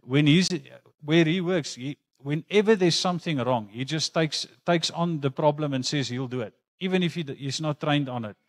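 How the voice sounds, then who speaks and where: A man's voice: fairly high pitch, normal speed. A man preaching a sermon in a church, talking earnestly and conversationally and mixing in personal stories. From South Africa. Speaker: pastor.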